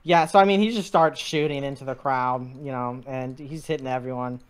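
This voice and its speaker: A man's voice: medium pitch, a little fast, clear, resonant tone. A man running a tabletop game as game master, laughing often and narrating the action. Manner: laughing, animated, voices figures briefly. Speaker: dungeon master.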